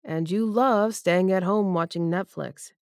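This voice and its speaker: A woman narrator giving the lines of a wry young man in an audiobook, with a low, teasing delivery. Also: measured pace, darkish tone, smooth, no room sound, clean studio sound, lightly acted.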